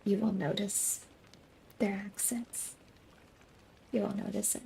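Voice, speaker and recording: A young woman from the American South drifts through a sleepy late-night stream chat, her voice dark and gravelly. She talks slowly and softly, often sinking into a breathy half-whisper. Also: mid-range voice, fairly even intonation, slight background noise. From Southern United States. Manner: soft, often half-whispered, slow and unhurried. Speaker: VTuber streamer.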